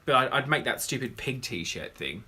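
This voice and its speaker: A man's voice: mid-range voice, very animated, normal speed, sharp tone, breathy edge. A man, a drag queen, hosting a casual livestream Q&A, rambling and greeting viewers by name.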